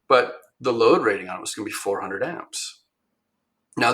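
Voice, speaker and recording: Guy guest on a podcast, low-ish bright voice, rambly w lots of ums. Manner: rambling, many ums and restarts, animated when quoting others. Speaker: podcast guest, machine shop owner. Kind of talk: casual storytelling.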